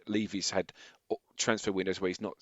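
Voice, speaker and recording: A man co-hosting a casual football podcast, talking eagerly in halting bursts. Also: sits low, flat delivery, no room sound, dull audio. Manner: enthusiastic, halting restarts, often laughing. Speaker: podcast co-host.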